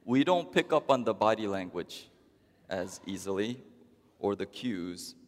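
A man preaching a sermon as pastor, talking to the congregation in a wry, conversational way with long pauses. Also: fairly low pitch, lively intonation. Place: church. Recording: long church reverb.

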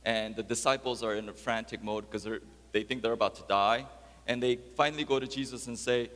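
A man preaching a sermon as pastor, dropping soft and low, then rising to loud, high emphatic peaks. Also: fairly even intonation, fairly quick. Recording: long hall reverb.

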